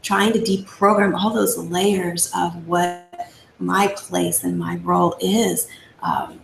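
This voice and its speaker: A woman's voice: fairly low pitch, little pitch movement, slow, vocal fry, echoey room, a little hiss or hum, low-quality recording. A woman hosting a casual interview, reflecting on her own experience as she talks. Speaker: host.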